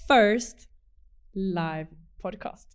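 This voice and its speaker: A woman's voice: mid-range voice, very slow, smooth. A woman hosting a live podcast interview in a bubbly, cheering manner. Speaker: podcast host.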